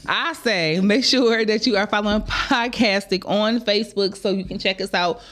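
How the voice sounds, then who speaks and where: A woman's voice: medium pitch, a bit bright. Woman, podcast host, chatty, casual live-show talk. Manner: chatty, drawn-out, conversational.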